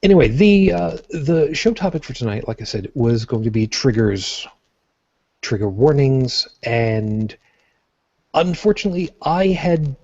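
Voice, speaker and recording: A man's voice: mid-range voice, expressive, unhurried, darkish tone, dull audio. A man from Brooklyn with a New York accent, hosting a casual podcast chat and rambling with many fillers and restarts. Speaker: podcast host.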